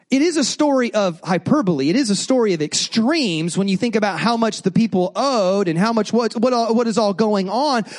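High-voiced male pastor preaching. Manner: animated storytelling with asides to the congregation. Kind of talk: sermon.

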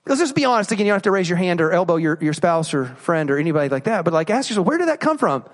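A man's voice: sits high, big pitch swings, racing. A man preaching a sermon, asking rhetorical questions and acting out inner voices. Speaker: pastor.

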